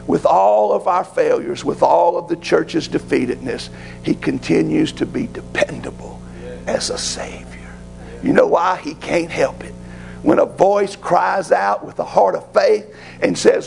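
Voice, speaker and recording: A man's voice: high voice, creaky, darkish tone, poor audio. A man preaching a sermon as pastor, rising to fervent pleading.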